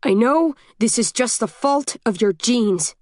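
A woman's voice: a little high, animated, unhurried, a little mellow, dry recording. A wounded, frightened man who leads others, weak and pleading, as read by a woman narrator. The recording is dry and close. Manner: weak and pleading, then panicked.

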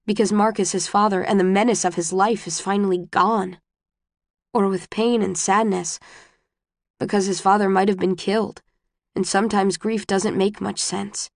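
A woman narrating a novel in the first person, subdued and measured, recorded on a close studio mic. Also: medium pitch, vocal fry, dry recording. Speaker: audiobook narrator.

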